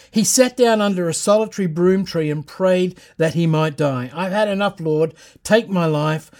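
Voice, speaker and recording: A man's voice: fairly high pitch, darkish tone. A middle-aged man preaching a sermon as pastor, reading scripture aloud and building emphasis with repeated phrases.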